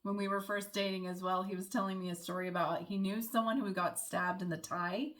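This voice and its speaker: A woman's voice: mid-range voice, fairly even intonation, brisk, a bit bright. A young American woman living abroad, explaining local words in a friendly, chatty vlog with the odd small laugh. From United States. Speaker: vlogger.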